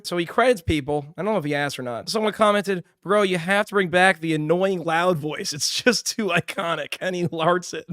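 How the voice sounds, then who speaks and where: A man streaming live, giving mocking, animated commentary on videos and swearing freely. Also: fairly high pitch, normal speed, smooth, no room sound, studio quality.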